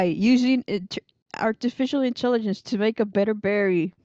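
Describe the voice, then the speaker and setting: Chatty young woman with a smooth, mellow voice. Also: mid-range voice, normal speed, no room sound, muffled recording. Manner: chatty, rambling, laughs often. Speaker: livestream host reading chat. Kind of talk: casual stream chat.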